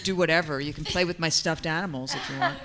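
A woman hosting a live show, talking in a playful, teasing way with halting fillers. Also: low voice, very animated. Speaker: host. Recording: crowd noise behind.

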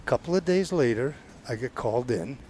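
A man's voice: mid-range voice, lively intonation, normal speed, warm tone, slight background noise. Older Southern US man telling stories. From Georgia, US. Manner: rambling, stammering restarts, sound effects. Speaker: podcast guest. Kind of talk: casual storytelling.

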